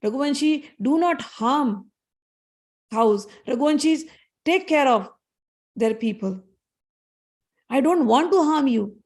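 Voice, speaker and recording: A woman voicing a gentle young male prince who reasons calmly and respectfully in a retold story. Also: high voice, slow, pauses often, voice pushed up.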